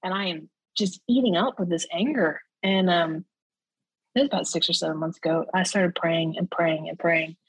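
Earnest low-voiced woman sharing testimony. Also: moderate pace, breathy edge, dry recording, rough recording. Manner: earnest, tag questions, laughs between thoughts. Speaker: interview guest. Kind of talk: candid personal testimony in conversation.

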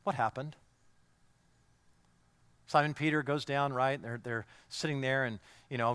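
A man's voice: mid-range voice, fairly even intonation, measured pace, pauses often, a bit bright, smooth, dry recording. A male pastor preaching a sermon in an emphatic, repetitive style that builds in intensity.

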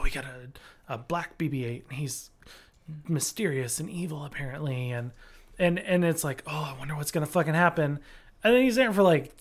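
A man co-hosting a podcast, rambling casually with lots of fillers, restarts and swearing. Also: sits high. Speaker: podcast co-host. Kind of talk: casual chat.

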